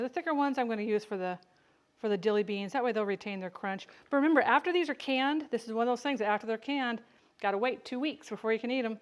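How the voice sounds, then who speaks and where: A woman's voice: a little high, fast. Woman yakking to her viewers while canning, jokey and goofy with herself. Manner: chatty, joking, self-teasing, talks to viewers by name. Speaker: home canning vlogger. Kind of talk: casual cooking livestream chat.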